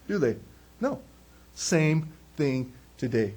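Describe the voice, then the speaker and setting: Conversational pastor, slightly high voice. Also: male voice, normal speed. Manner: conversational, asks questions and answers them himself; animated, acts out quotes. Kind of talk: sermon.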